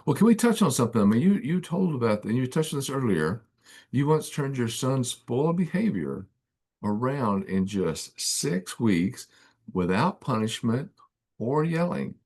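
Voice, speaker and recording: A man's voice: medium pitch, sing-song, moderate pace, darkish tone, breathy edge. A man hosting a conversational interview, sounding affirming and thinking aloud with small restarts. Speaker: podcast host.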